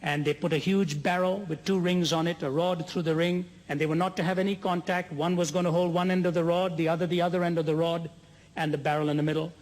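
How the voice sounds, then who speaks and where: Man, preacher, earnest storytelling, rising to fervent peaks, reverberant hall. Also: a little high. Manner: earnest storytelling, slows for emphasis, builds to soaring climax. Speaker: evangelist preacher. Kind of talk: sermon to a large gathering. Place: large conference hall.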